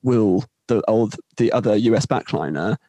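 A young man telling a story in casual chat, animated and laughing, acting out other people's voices. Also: fairly low pitch, moderate pace, no room sound. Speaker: podcast guest telling a story.

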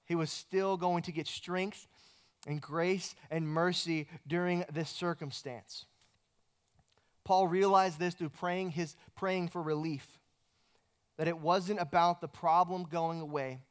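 A man's voice: fairly high pitch, steady tone, slow pace, clean tone. A man preaching a sermon, telling a story in a conversational way with frequent repeated words. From United States. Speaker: pastor.

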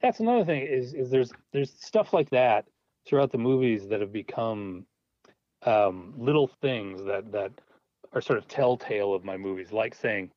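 A man's voice: mid-range voice, moderate pace, no room sound. A man being interviewed about the films he writes, talking casually and laughing as he trips over his words. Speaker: filmmaker guest. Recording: dull dry lo-fi sound.

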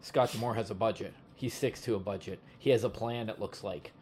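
A man co-hosting a wrestling podcast, talking casually and telling stories with quick asides and laughter. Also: on the low side, steady tone, a little mellow. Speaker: podcast co-host. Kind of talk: casual chat. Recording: faint background noise.

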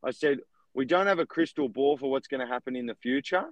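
A young man, a real estate agent and podcast co-host, telling stories in an animated, casual way. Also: medium pitch, quick pace, gravelly, no echo, rough recording. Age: young adult. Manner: animated storytelling with laughs. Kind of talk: casual chat.

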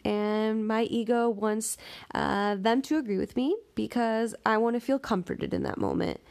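A woman's voice: a little high, expressive, normal speed, creaky, darkish tone. A woman giving a reflective spiritual talk, earnest and direct with the listener, building her points by repetition. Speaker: spiritual speaker.

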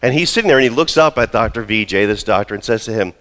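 A male pastor delivering a sermon in a deep, low voice. He talks the congregation through a story. His delivery is conversational, with asides and acted-out lines. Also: expressive, fast talker, hardly any pauses, a bit bright. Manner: storytelling, acts out quoted voices.

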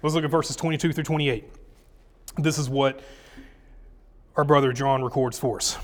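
A man's voice: mid-range voice, steady tone, moderate pace, long pauses. A man, a pastor teaching a sermon, casual and chatty with his congregation, reading scripture with rising emphasis.

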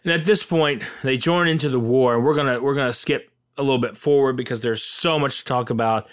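A man's voice: mid-range voice, fairly quick. A man casually and enthusiastically retelling a film's plot, rambling with many fillers. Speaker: film commentator.

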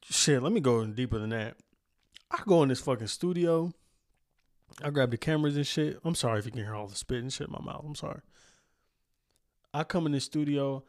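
A young man records a casual solo podcast outro from his home studio on a studio microphone. His mid-range voice moves a little fast with long pauses as he rambles, swears freely, mocks himself, and laughs often.

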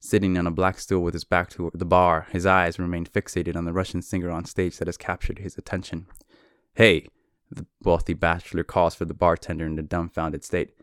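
A man's voice: low voice, a little fast, hardly any pauses, clean tone, dry recording, clean studio sound. A man hosting his own podcast, chatting casually and joking about himself before he reads a novel aloud. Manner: relaxed, self-deprecating, lightly swearing. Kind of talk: casual intro, then dramatic book reading.

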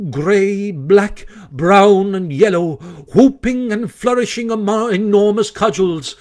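A man reading a classic children's story aloud with expressive, animated narration. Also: high-pitched. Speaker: audiobook narrator.

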